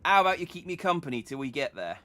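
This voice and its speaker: With a slightly high voice, big pitch swings and a sharp tone, a man talks fast through game dialogue, with no room sound. He's playing a friendly, chatty, folksy middle-aged merchant in a fake rustic English accent, with a homely drawl and dropped letters.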